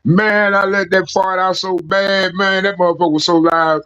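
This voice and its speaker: A man calling in to a stream, chatting and telling rambling stories with animated laughter. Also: high-pitched, normal speed, clean tone. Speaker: regular caller on a call-in stream. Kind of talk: casual chat and storytelling. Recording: muffled lo-fi call audio with fan noise.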